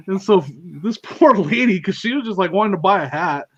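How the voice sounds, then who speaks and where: A man's voice: high voice, husky, highs cut off. A man co-hosting a casual podcast chat, giggly and laughing a lot as he talks. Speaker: podcast co-host.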